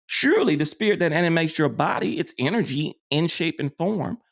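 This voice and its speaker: Gravelly man giving a spiritual talk. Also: a little high, expressive, a little fast. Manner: rambling, repeats "you see", restarts often. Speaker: metaphysics teacher. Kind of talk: informal spiritual lecture.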